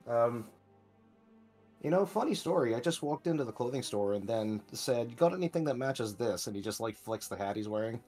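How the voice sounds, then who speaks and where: An easygoing young cowboy type talks in a folksy, friendly way, voiced by a man in a tabletop game. His voice sits at a middle pitch. Faint music plays behind. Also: lively intonation, normal speed, a little mellow, close to an everyday voice.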